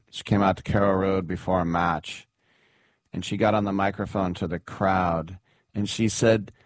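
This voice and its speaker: A man's voice: deep voice, no echo. A man hosting a radio show, chatting casually and rambling with fillers. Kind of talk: casual sports radio chat.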